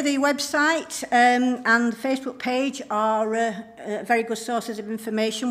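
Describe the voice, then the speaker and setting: A woman's voice: a little high, a bit bright. Chatty woman preaching. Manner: homely, conversational storytelling with frequent hesitations. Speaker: church leader giving a message. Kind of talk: informal recorded sermon.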